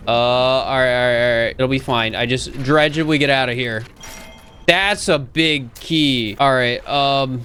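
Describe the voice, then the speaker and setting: A man's voice: medium pitch, a bit bright, slight background noise. Playful man narrating his gameplay. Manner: playful, self-mocking, chatty. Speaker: gaming video creator. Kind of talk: casual let's play commentary.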